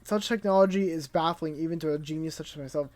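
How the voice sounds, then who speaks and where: A man's voice: on the high side, fast talker, a little mellow, natural voice. Man putting on an old genius scientist, self-assured, formal lecturing tone, slightly raised voice. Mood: solemn lecturing.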